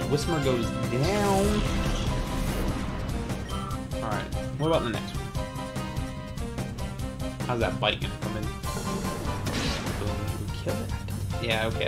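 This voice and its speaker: Hyped-up man doing game commentary. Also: medium pitch. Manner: animated and hype, slangy. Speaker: let's play host. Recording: commentary over loud game music. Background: game music.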